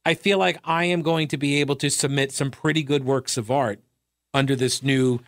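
A man's voice: fairly even intonation, moderate pace, no room sound, studio quality. A man hosting a radio talk show, delivering a sarcastic solo monologue with mocking asides. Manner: sarcastic, mocking asides, wide pitch swings.

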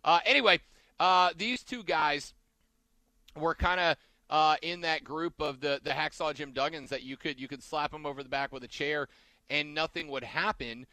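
Bright-voiced rambling male podcast host. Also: on the high side, moderate pace, no echo. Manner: rambling, trails off and backtracks mid-sentence. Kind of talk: casual wrestling podcast chat.

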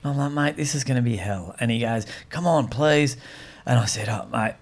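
A man with an Australian accent, telling a comedy gig story on a podcast in a casual, animated way and acting out the voices of the people in it. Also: medium pitch, fast. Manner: animated, acts out quoted voices.

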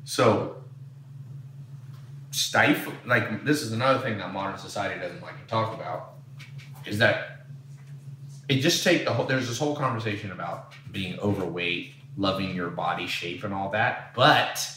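A man's voice: fairly low pitch, moderate pace, pushed and bright, echoey room, far from the mic, slight background noise. A man from San Diego telling blunt, rambling stories as a podcast host in casual chat. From San Diego, USA.

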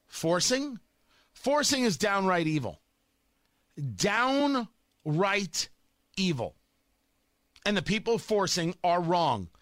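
A man's voice: high voice, very animated, takes it slowly, long pauses, fairly bright tone, dry recording. A man delivering a sarcastic, combative opinion monologue as a talk show host.

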